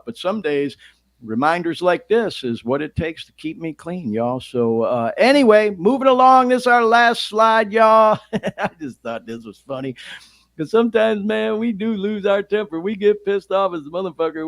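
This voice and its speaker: Laughing, profane podcast host with a Detroit accent. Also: male voice, a little high, no room sound, studio quality. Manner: profane, laughs often, expressive swings. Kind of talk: casual podcast monologue.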